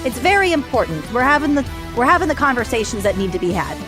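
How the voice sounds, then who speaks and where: An enthusiastic woman co-hosting a podcast, her voice a little higher than most. She reads promos and jokes bluntly with her co-host, with music clear in the background. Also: big pitch swings, fast talker. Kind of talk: casual chat and sponsor reads.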